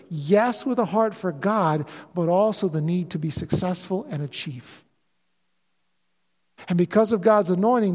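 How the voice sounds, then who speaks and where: A pastor in his fifties preaches a sermon with a notably high voice for a man. He speaks earnestly and confessionally, pressing into emphatic, rising declarations. His voice rings with the long reverb of a large church hall. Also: darkish tone. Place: church sanctuary.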